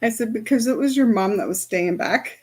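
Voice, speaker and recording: A woman's voice: fairly high pitch, fairly quick, slightly rough. A woman who works as an energy healer, giving a casual spoken lesson on chakras and telling a story from her practice, with many fillers.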